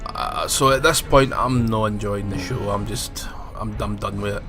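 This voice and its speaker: A man's voice: lowish voice, steady tone, moderate pace, a bit bright, faint music behind. A Scottish man giving a sweary, sarcastic review, mocking what he covers in put-on quoted voices. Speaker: film and TV reviewer.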